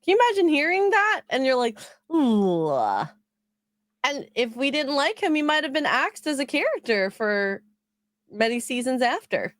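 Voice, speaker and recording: A woman's voice: high voice, expressive, normal speed, a bit bright, no echo, studio quality. A woman in a casual podcast chat, playful and giggly.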